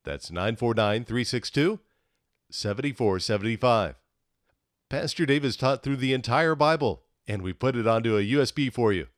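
A man announcing for a radio program, reading a steady scripted promotional segment. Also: mid-range voice, normal speed, dry recording, studio quality. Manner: smooth, steady promotional read.

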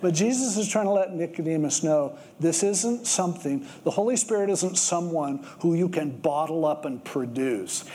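A man, preaching a sermon and telling stories in a relaxed, conversational way. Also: fairly high pitch, moderate pace, hardly any pauses. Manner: conversational storytelling, with lively acted quotes. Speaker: pastor.

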